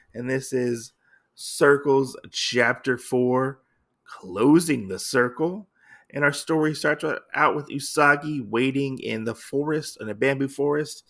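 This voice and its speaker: A man's voice: medium pitch, fairly bright tone. A man hosting a podcast who casually recaps a comic story in a rambling way, with lots of fillers. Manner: rambling, filler-heavy retelling. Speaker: podcast host.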